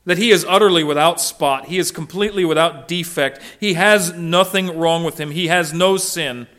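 High-voiced emphatic male preacher. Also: moderate pace. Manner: emphatic preaching, dropping to hushed asides and rising for quoted voices. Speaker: pastor. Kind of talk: sermon.

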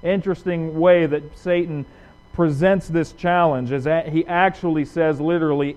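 A male pastor preaching a sermon, asking rhetorical questions and swinging from loud emphasis to hushed lines. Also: on the high side, steady tone, moderate pace. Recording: dull lo-fi recording.

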